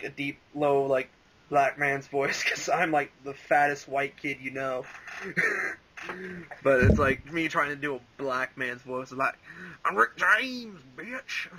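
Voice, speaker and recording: On a rough recording, a young fan voice actor being interviewed rambles casually, laughing often and leaning on "like" and "um." His mid-range voice sounds bright with a forceful tone.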